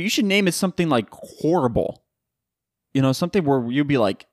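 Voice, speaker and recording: A man's voice: mid-range voice, sing-song, moderate pace, no echo, studio quality. A young man from Florida hosting a casual solo podcast from home, joking and swearing in slangy chat. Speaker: podcast host. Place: home room by a window in a hurricane.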